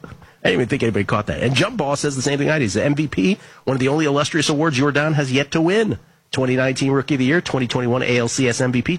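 A man's voice: mid-range voice, slightly rough, no room sound. Wry man hosting a sports betting show. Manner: wry, joking, reads names and stats quickly. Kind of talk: casual chat, reading listener tweets and an ad read.

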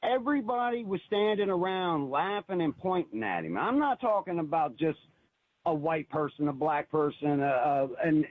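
A man's voice: fairly high pitch, expressive, normal speed, dry recording. A man calling in to a radio show, telling an earnest, emotional personal story and often repeating himself, heard over a phone line. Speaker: caller. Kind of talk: call-in radio testimony.

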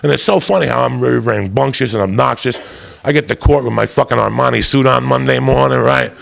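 A middle-aged man telling a profane, rowdy stand-up story, loud and rambunctious, with a gravelly voice. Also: brisk, a little hiss or hum. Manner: loud, profane, rambunctious, swings into high shouts. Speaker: stand-up comedian. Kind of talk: stand-up storytelling to a live audience.

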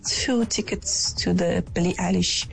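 A woman's voice: on the low side, fairly even intonation, measured pace, creaky, faint music behind, poor audio. Polite woman leaving a voice note. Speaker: listener voice note. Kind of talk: recorded voice message.

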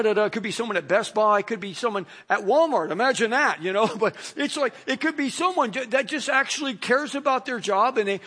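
A man's voice: high-pitched, fairly bright tone, husky. A middle-aged male pastor preaching a sermon in a casual, conversational way, full of "you know" asides.

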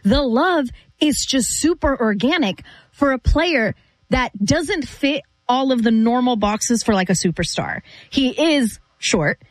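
High-voiced woman in casual sports chat. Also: expressive, a little slow, no room sound. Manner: conversational, thinks aloud with fillers. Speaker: sports talk co-host.

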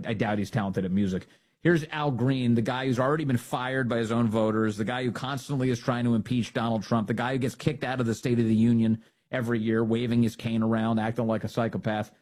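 Husky man doing mocking political commentary. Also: fairly low pitch, darkish tone. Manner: mocking, laughs at his own jokes. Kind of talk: opinionated commentary on news clips.

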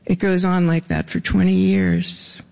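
A man with a fairly high, heavily gravelly voice reads his own stories to a live audience. He delivers them deadpan, tossing in dry, wry asides between passages. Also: unhurried, very noisy. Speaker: author reading his own writing.

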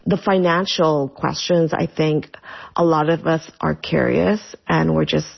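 A comedian and content creator answering interview questions, animated and quick to laugh, in a muffled recording. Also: female voice, low voice, vocal fry, breathy edge.

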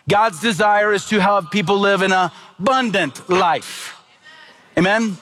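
A man's voice: high voice, a little slow, fairly bright tone. A middle-aged man preaching a sermon as pastor, earnest and emphatic, asking the congregation rhetorical questions.

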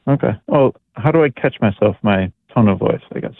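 A man calling in to a radio advice show, hesitant and halting as he explains. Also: on the low side, expressive, gravelly, husky, no echo. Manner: hesitant, halting, laughs nervously. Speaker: caller. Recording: tinny phone line.

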